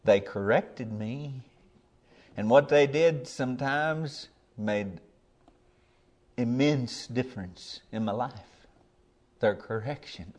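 A man's voice: medium pitch, slow pace, pauses often, a little mellow. An older man, a preacher giving a sermon in a folksy, plainspoken way, earnest and building to emphatic peaks.

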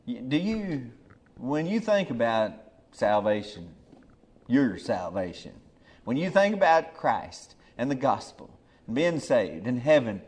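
A man's voice: mid-range voice, big pitch swings, a little slow. Folksy preacher man. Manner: folksy, with swings from quiet asides to loud emphatic peaks. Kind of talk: sermon.

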